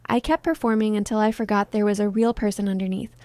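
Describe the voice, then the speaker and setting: A woman voicing a heartbroken film star in her thirties, speaking softly, tenderly and pleadingly in a dramatized story. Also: medium pitch, steady tone, quick pace, no room sound, lightly acted. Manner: soft, pleading, intimate.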